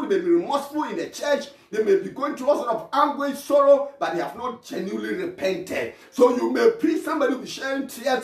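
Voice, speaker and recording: A man preaching an impassioned sermon, repeating his phrases and shouting calls to repent. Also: extremely high pitch. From Ghana. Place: church hall. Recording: echoey hall from far off.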